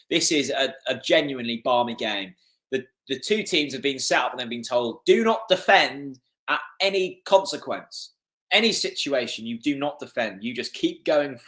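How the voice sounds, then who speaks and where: A young man hosting a live football watchalong, excitable and getting hoarse. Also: mid-range voice. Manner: excitable, swings from calm chat to shouting at goals. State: losing his voice. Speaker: fan watchalong host.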